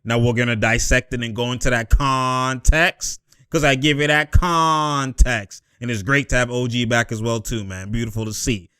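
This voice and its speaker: A young man giving excited, animated commentary over basketball highlights, laughing often and shouting at the plays. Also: normal speed, clean tone, no echo, clean studio sound.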